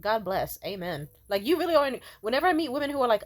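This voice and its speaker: A woman's voice: a little high, sing-song, very fast, few pauses. A young woman vlogging to camera, telling a story casually in a brash, profane way, breaking into laughter often.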